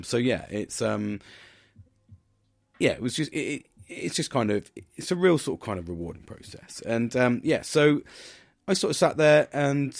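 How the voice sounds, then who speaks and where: A man's voice: fairly low pitch, creaky, dry recording, studio quality. A British man hosting a podcast alone, chatting casually in a rambling, sweary way with lots of restarts. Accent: British English. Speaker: podcast host. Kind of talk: casual solo monologue.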